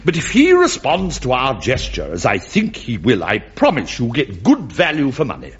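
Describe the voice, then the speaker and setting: A flustered bishop, his husky voice leaping wildly up and down as he stammers and exclaims. The recording is dull and lo-fi. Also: medium pitch, wildly swooping pitch, moderate pace, exaggerated voice. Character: fussy flustered male bishop, middle-aged. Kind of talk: British sitcom acting.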